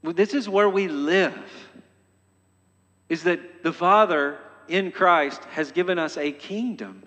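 A pastor preaching a sermon. He is emphatic and often repeats phrases, stumbling and restarting, and builds to loud exhortation. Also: high-pitched, slow pace, highs cut off. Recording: long hall reverb.

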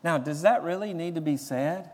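A pastor preaching with a high-pitched voice that carries a long reverb, as in a large hall. He swings from quiet, low stretches to loud, raised bursts, preaching with drive. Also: moderate pace. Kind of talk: sermon.

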